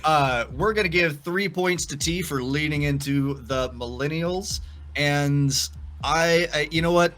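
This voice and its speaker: A man's voice: a little high, a little slow, a bit bright. A man hosting a live-streamed trivia game show, playful and teasing with his contestants.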